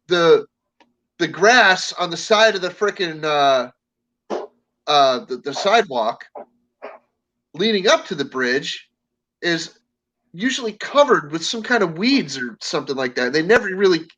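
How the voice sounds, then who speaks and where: A man's voice: a little high, very animated, unhurried, long pauses, bright, forceful tone. A man chatting casually on a live stream, telling rambling stories full of fillers and restarts. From Connecticut. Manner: rambling storyteller, many fillers and restarts, acts out voices. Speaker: stream host. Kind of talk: casual chat. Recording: dull lo-fi stream audio.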